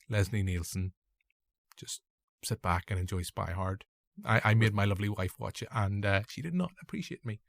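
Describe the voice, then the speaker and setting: A man's voice: mid-range voice, creaky, dry recording, clean studio sound. A young man with a Northern Irish accent hosting a casual film review podcast, rambling and correcting himself with joking asides. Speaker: podcast host.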